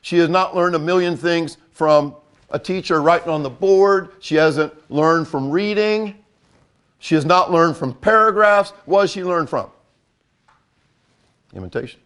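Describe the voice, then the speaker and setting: Blunt older man, higher-pitched coach. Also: a bit bright, clean tone. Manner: blunt, emphatic, repeats for effect. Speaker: football coach. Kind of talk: coaching talk.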